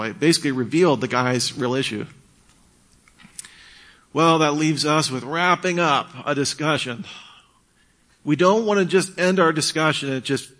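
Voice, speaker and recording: A man giving a casual talk on leading church discussions, acting out calm, quiet replies to angry people. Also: medium pitch. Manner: acts out quoted exchanges, drops to a hush for calm replies.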